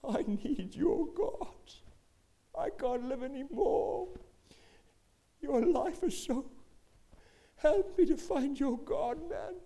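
A weeping, guilt-ridden coworker, acted out by a preacher, cries out in a strained high voice. Each word is drawn out slowly and loudly. The anguish never lets up. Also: male voice, steady tone. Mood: pleading. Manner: slow, loud, anguished pleading.

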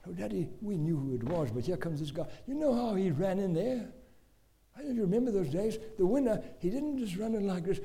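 Male preacher, high mellow voice, dramatic sermon storyteller. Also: expressive, a little fast. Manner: dramatic storytelling, swings from shouting to hushed whisper.

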